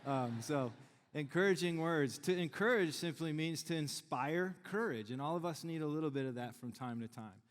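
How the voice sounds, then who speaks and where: This middle-aged pastor has a deep, expressive voice and speaks at a moderate pace. His sermon is conversational and full of jokes for his congregation, echoing with the long reverb of a large church sanctuary.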